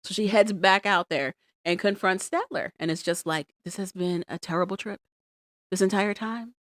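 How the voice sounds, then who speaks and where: A woman co-hosting a podcast, recapping reality TV in an animated, exasperated, emphatic way. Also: medium pitch, normal speed, no echo, studio quality. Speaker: podcast co-host. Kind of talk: casual chat recapping reality TV.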